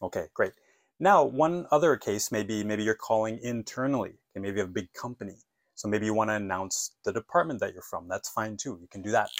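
A man teaching an English lesson, modeling phone phrases clearly and patiently asking listeners to repeat after him. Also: on the low side, fairly quick, dry recording.

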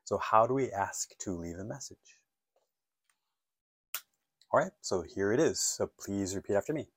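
A man's voice: on the low side, animated, measured pace, breathy edge, no echo, clean studio sound. A man teaching an English lesson, patiently walking learners through phrases and asking them to repeat after him. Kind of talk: online language lesson.

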